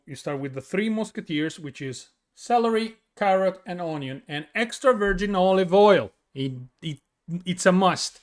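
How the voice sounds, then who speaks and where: A tired man with an Italian accent, streaming and answering viewer questions in a chatty way, full of fillers and restarts. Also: on the high side. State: tired from little sleep. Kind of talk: casual chat reading viewer questions.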